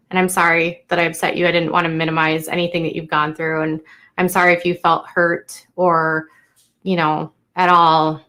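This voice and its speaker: A young woman talking unscripted to her live-stream viewers, halting and emotional, with many fillers and restarts. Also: lowish voice, sharp tone.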